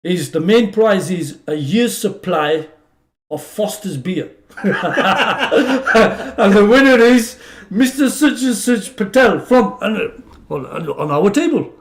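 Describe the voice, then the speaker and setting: A man's voice: sits high, slow, roomy sound. Chuckling middle-aged man telling stories. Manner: chuckling storyteller, lively quoted voices. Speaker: podcast guest, lawyer. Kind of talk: casual anecdote-telling.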